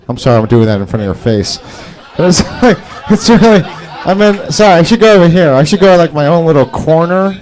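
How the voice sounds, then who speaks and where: A man's voice: fairly high pitch, very animated, a little fast, hardly any pauses, darkish tone. A man doing stand-up at an open mic in a small garage, rambling and self-mocking, with a lot of profane crowd work. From Salvadoran and Brazilian heritage. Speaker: stand-up comedian.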